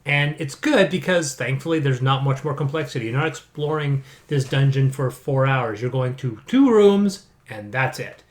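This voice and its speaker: A man's voice: medium pitch, expressive, moderate pace, hardly any pauses. A man co-hosting a casual chat, rambling with frequent restarts and repeated words. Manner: sarcastic aside. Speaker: board game podcast co-host.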